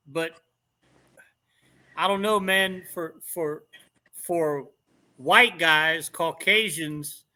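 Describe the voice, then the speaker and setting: A middle-aged man telling stories in a casual chat, animated and laughing as he acts out what people said. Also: high-pitched.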